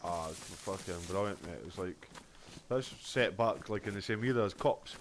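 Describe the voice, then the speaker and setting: Scottish man, game streamer, low voice, sweary, rambling, faint noise behind. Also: moderate pace. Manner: sweary, rambling storytelling with many fillers. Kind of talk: casual chat while gaming.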